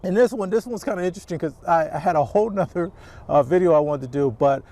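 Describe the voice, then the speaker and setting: Talking fast in a slightly high, dark-toned voice, a middle-aged channel host rambles to camera outside for his casual vlog. He runs a youth sports business, restarts his sentences often, and performs the quotes he repeats.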